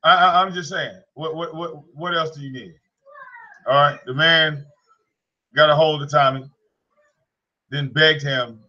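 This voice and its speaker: A man's voice: a little high, fairly even intonation, unhurried, pauses often, pushed and bright, lo-fi sound. A man ranting casually as a streamer, rambling, repeating himself and mocking. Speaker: streamer commenting on a played call. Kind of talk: casual rant.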